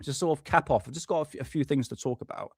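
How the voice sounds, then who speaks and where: A man's voice: on the high side, fast, breathy edge, no echo. A man hosting a live stream, talking casually and ranting with swear words.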